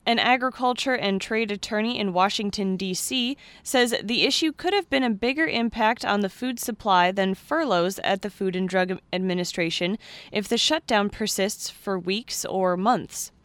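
A woman anchoring a radio farm news program, reading the stories in a steady, measured way. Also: medium pitch, clear, resonant tone, no room sound. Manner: steady, measured newsreader delivery.

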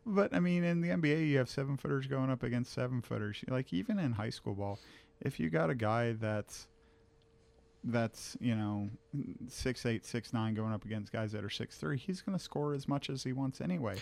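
A man co-hosting a casual sports podcast, giving blunt opinions in a halting way, with many fillers and restarts. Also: mid-range voice, vocal fry, darkish tone. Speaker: podcast co-host.

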